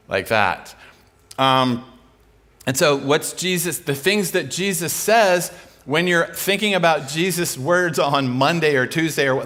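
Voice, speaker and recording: A man's voice: mid-range voice, fairly bright tone. A middle-aged man preaching a conversational sermon, informal and humorous, telling stories and often restarting his sentences.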